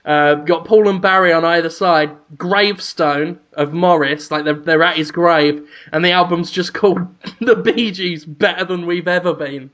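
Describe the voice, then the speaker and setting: A man's voice: a little high, fairly even intonation, normal speed, few pauses, a bit bright. A man co-hosting a casual comedic podcast, swearing freely and spinning absurd jokes over a remote mic. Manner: profane, joking, spins absurd scenarios. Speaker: podcast co-host.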